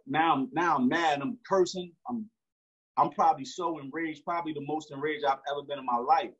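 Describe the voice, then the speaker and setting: A man's voice: on the high side, a little fast, a bit bright, slightly rough. A man, telling a story in slangy street talk with frequent restarts. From Newark, New Jersey. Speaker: interview guest. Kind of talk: casual storytelling. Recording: dull lo-fi recording.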